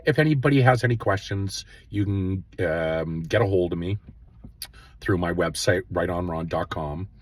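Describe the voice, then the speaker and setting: A man hosting his own show, giving earnest spiritual self-help advice in a casual way, with many pauses and fillers. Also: deep voice, husky. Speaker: host.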